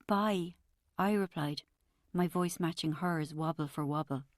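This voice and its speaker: Low-voiced woman narrating an audiobook. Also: steady tone, normal speed, no echo, clean studio sound. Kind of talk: first-person audiobook narration.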